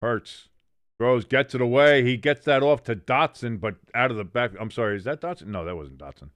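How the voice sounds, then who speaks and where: A man calls the plays of a live game for a stream audience, his voice sitting at an ordinary middle pitch. The sound is close and dry, with no room around it. He corrects his slips and throws in wisecracks between plays. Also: moderate pace, a bit bright, no echo. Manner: jokey, self-correcting, reads chat aloud. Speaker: watch-along host. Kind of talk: live play-by-play commentary.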